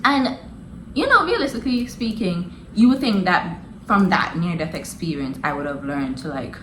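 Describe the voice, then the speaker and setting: A woman's voice: on the low side, expressive, normal speed. Young woman, casual storytime, laughs a lot, faint background noise, echoey. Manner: laughing often, slangy, addresses viewers as y'all. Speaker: vlogger. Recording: roomy echo, faint noise.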